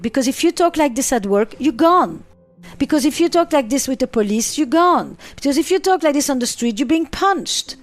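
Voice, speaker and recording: A woman's voice: high-pitched, animated, normal speed. A middle-aged woman psychotherapist answering interview questions, emphatic and given to repeating phrases for effect.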